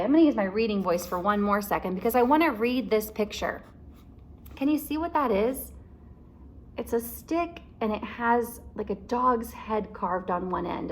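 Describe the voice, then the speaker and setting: Woman teacher reading aloud to kids, slow and expressive, explains as she goes. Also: mid-range voice, a little hiss or hum.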